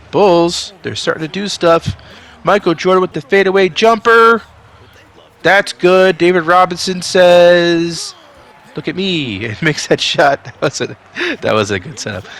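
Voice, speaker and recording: A man doing play-by-play for a basketball video game simulation, swinging from calm asides to excited outbursts, a bit sick. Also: high voice. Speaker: video game sim commentator. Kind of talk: play-by-play commentary.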